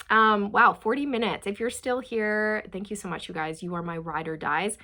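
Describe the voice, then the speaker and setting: A woman giving a channeled tarot reading to her viewers, gushing and emotional, often checking in with "okay?" and "you guys". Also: medium pitch. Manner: reads quotes slowly and softly. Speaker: tarot reader.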